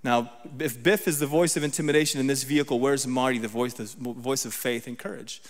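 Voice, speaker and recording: A man's voice: mid-range voice, steady tone, fairly quick, long reverb tail. A man giving a sermon as guest preacher, talking conversationally and often checking in with the congregation. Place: church sanctuary.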